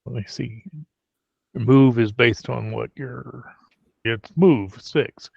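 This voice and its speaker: A man playing a tabletop game, thinking aloud slowly over the rules. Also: mid-range voice, steady tone, gravelly, a little mellow, husky, no room sound. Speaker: player. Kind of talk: casual tabletop play. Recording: dull lo-fi mic.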